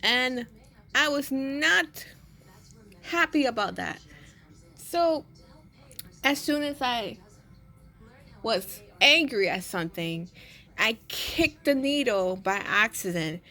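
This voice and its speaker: A woman's voice: fairly high pitch, expressive, takes it slowly, long pauses, bright, forceful tone, faint music behind. A young woman casually telling a personal story, rambling and restarting her sentences often. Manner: rambling, with many restarts and repeated words.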